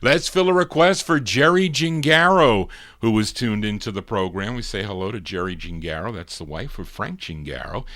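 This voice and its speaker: A man's voice: fairly low pitch, moderate pace, fairly bright tone, dry recording, studio quality. A man hosting a live radio show, chatting casually about old records and rambling with fillers and self-corrections.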